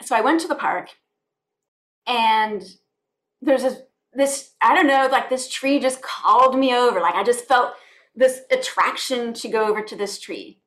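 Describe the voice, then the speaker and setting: A woman's voice: on the high side, a little slow, a bit bright. A woman guest on a podcast, a spiritual life coach from the United States, talking in an earnest, heartfelt way, often repeating phrases. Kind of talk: conversational podcast interview.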